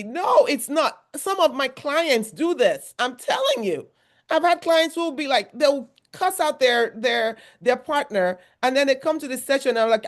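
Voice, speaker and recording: A woman's voice: sits high, expressive, normal speed. A woman from Nigeria, a therapist giving a motivational workshop talk in a conversational, repetitive style with emphatic asides.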